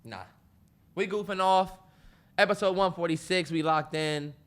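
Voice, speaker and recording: A man's voice: high-pitched, normal speed. A man co-hosting a podcast in casual chat, telling stories with joking put-on voices. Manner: animated, joking, slips into voices while storytelling. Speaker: podcast co-host.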